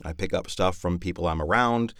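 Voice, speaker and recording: Male narrator, deep low register, casual rambling podcast talk, dry close sound. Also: fairly quick, a bit bright, smooth, no echo. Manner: thoughtful, rambling with many fillers. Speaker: audiobook narrator.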